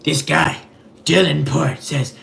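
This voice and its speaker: A man playing a vain, clueless rich male superhero in a comedic livestream sketch, rambling in a deadpan, gravelly voice. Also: a little high, slow pace, slight background noise, full character voice. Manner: rambling, deadpan, self-absorbed.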